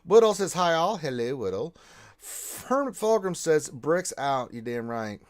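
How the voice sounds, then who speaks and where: A man hosts a casual gaming livestream, reading chat and calling out viewers' names. His fairly high voice swoops up and down with a lot of energy. He jumps to loud shout-outs between relaxed chatter. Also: measured pace.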